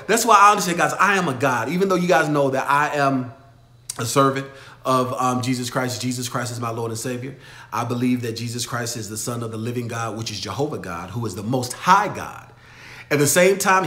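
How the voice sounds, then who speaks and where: A man hosting a motivational livestream Q&A, talking emphatically, swinging from loud exhortation to low storytelling. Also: reverberant. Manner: emphatic, preachy, shifts from shouting to low storytelling. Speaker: livestream host answering viewer questions.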